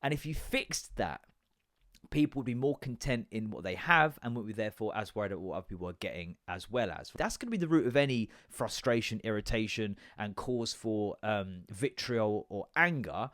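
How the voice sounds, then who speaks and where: An English man in his thirties hosting a podcast, ranting casually in an animated, sweary, sarcastic way. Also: fairly low pitch, a little fast, dry recording, studio quality. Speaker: podcast host.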